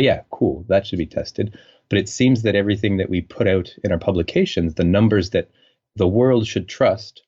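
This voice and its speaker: A man from French Canada, a scientist, talking as a podcast guest in a relaxed, rambling way. His voice is very low, and his audio comes through dull and lo-fi. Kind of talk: conversational interview.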